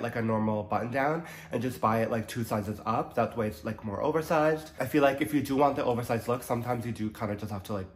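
A man's voice: medium pitch, a little hiss or hum. A young man vlogging about fashion in a casual, chatty way, his voice nasal from allergies and full of "like" fillers. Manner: chatty, many "like" fillers, upbeat. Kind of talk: casual chat to camera. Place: Toronto.

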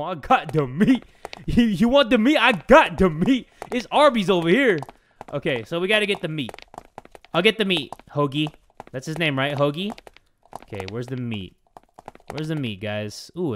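A young man doing let's play commentary on a horror game, excitable, joking crudely and yelling at sudden scares. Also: on the high side, slight background noise. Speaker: gaming YouTuber.

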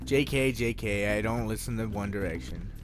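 A young man giving casual, rambling gameplay commentary, swearing and getting excited, over game music. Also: fairly low pitch, moderate pace. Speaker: let's play gamer. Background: video game music.

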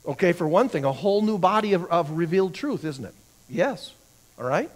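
A man's voice: sits high, sing-song, fairly quick. A man teaching a church Bible class, who asks the class questions, answers them himself and often repeats words while he thinks.

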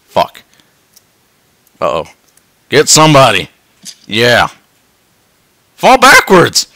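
A man swearing his way through a game, dropping to tired mutters and then yelling in excitement. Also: mid-range voice, takes it slowly, gravelly, no room sound, studio quality. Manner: swearing, swinging between mutters and yelps. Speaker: gameplay commentator. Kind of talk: profane let's-play commentary.

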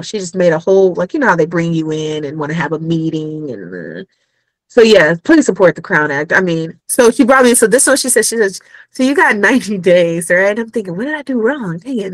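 Guest voice: woman, Caribbean accent, lively storyteller, dry close sound. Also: mid-range voice, dry recording, low-quality recording. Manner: animated, acts out quoted dialogue. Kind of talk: casual storytelling chat. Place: Los Angeles.

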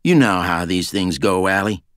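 A man doing a calm, firm female agent. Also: low-pitched, moderate pace, clean tone, no echo, clean studio sound.

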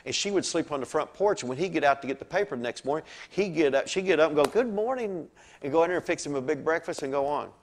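Animated, fairly high-voiced male preacher. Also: very fast, hardly any pauses, a little hiss or hum. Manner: animated storytelling, swings from soft to loud. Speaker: pastor. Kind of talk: sermon.

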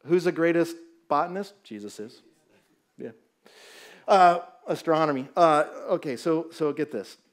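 In a church sanctuary, a Southern Californian guest pastor of middle age delivers a funny, story-driven sermon. His voice is strikingly high and a little slow, and he speaks with animated energy, trading jokes with the listeners.

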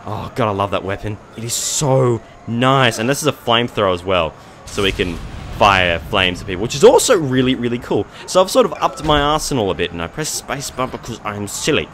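A young man giving jokey, excitable gameplay commentary, talking back to the monsters on screen. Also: medium pitch, fairly quick, slight background noise. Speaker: let's play gamer.

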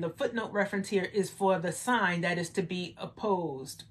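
A woman's voice: lowish voice, animated, normal speed, hardly any pauses. A woman leading a Bible study, reading scripture and commenting in a conversational way, often adding "right?" and rising to emphatic exclamations. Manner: conversational, rhetorical "right?" asides.

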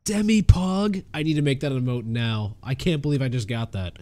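A young man giving excitable live gameplay commentary, swearing and laughing as he reacts. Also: mid-range voice, fast. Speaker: streamer.

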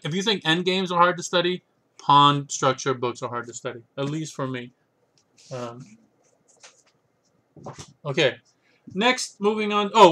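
A man's voice: mid-range voice, pushed and bright. Sarcastic, rambling man. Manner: rambling, sarcastic, often asks "right?". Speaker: chess book reviewer. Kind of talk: casual solo talk.

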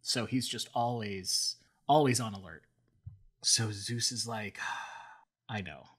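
A man's voice: lowish voice, takes it slowly, a bit bright, slightly rough. A man co-hosting a podcast, retelling myths in a casual, playful way. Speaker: podcast co-host. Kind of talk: casual storytelling.

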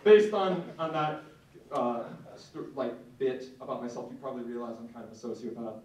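A young man performing a stand-up set in a club, self-mocking with a deadpan edge and lots of filler words. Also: mid-range voice, normal speed. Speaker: stand-up comedian. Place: comedy club stage. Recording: echoey room from far off, faint noise.

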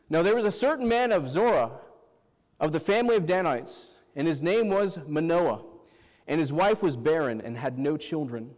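High-voiced pastor preaching in a reverberant hall. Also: male voice, lively intonation, moderate pace, a little mellow. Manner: asks the congregation questions and repeats "Amen". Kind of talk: sermon.

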